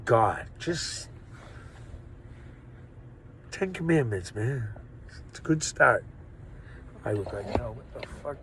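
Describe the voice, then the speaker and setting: A man rambles into his phone, crude and joking, jumping from one thought to the next. His voice is gravelly at mid pitch. A faint hiss sits behind him. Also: poor audio. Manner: profane, joking, wanders off topic. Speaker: vlogger. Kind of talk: rambling casual monologue. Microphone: phone or camera mic.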